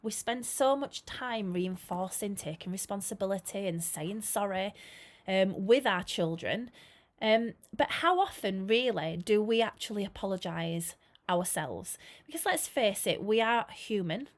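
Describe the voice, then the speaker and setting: A woman's voice: mid-range voice, animated, a little slow. Earnest woman giving a chatty training talk. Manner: earnest, chatty, with frequent "you know" fillers and soft laughs. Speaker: early years trainer and teacher. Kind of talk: informal training talk to camera.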